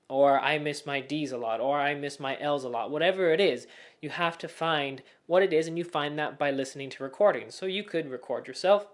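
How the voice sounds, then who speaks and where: A young man giving casual tips on speaking clearly, now and then acting out mumbled or rushed talk as examples. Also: fairly high pitch. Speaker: speaking coach. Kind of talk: casual spoken tutorial.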